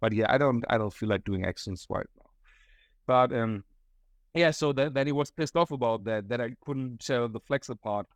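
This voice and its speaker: A man's voice: medium pitch, normal speed, no room sound. Young German man, German accent, solo podcast host, rambling and profane, dry close mic. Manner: rambling, profane, laughs often, acts out quotes. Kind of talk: casual solo storytelling.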